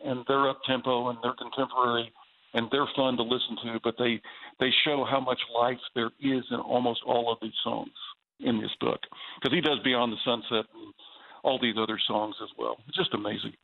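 A man's voice: mid-range voice, steady tone, normal speed, gravelly. A man with a Southern US accent, a guest on a faith talk show, speaking earnestly and with enthusiasm. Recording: tinny phone line.

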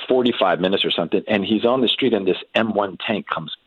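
A middle-aged man telling a story about his son in a relaxed, halting way, with many restarts and fillers. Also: fairly low pitch, breathy edge, no room sound, narrow, tinny audio. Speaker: guest parent telling a family story. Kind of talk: casual storytelling in a faith podcast interview.

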